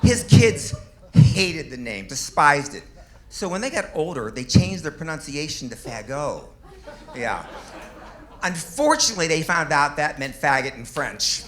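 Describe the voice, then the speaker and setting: A man's voice: fairly high pitch, lively intonation, measured pace, pushed and bright, slight background noise. A man in his fifties doing a stand-up comedy set on a club stage, delivering self-deprecating punchlines with little chuckles.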